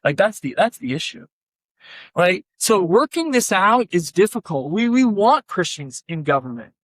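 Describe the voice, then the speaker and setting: A man's voice: high-pitched, sing-song, normal speed, fairly bright tone, no echo. A man, a pastor, giving a conversational workshop talk, animatedly telling stories and acting out both sides of conversations. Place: conference room.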